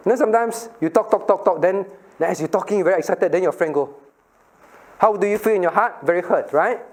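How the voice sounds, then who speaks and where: A man's voice: high-pitched, fast. A middle-aged male pastor leading a children's Bible lesson, asking questions, laughing often and acting out little scenes.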